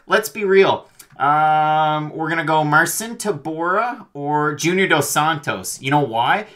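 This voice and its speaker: Playful, bright-voiced man joking around. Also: medium pitch. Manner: playful, sarcastic, teasing. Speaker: panelist. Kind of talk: jokey podcast panel take.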